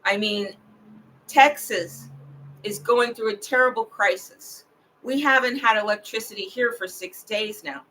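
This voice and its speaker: A woman at home giving a rambling, digressive livestream monologue, talking slowly and drawing out her words. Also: medium pitch, sharp tone, a little hiss or hum, rough recording. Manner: slow, digressive and drawn out.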